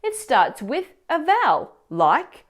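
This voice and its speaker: A woman teacher explaining grammar mistakes in clear, instructive scripted narration, asking the viewer questions. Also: sits high, huge pitch swings, slow pace. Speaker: language teacher.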